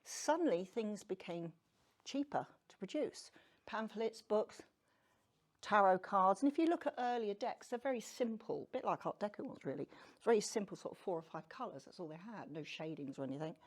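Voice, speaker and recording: A woman lectures a live audience in a loose, conversational way, teasing herself and throwing questions out to the room. Her pitch swings widely as she talks. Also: expressive, normal speed. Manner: chatty and self-deprecating, asks the audience questions. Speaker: tarot speaker giving a public talk.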